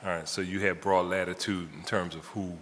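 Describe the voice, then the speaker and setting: A man's voice: low voice, level tone, brisk, fairly bright tone. A man council member questioning an official at a hearing, pressing and interrupting, repeating his phrasing. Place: city council hearing chamber. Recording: reverberant council chamber.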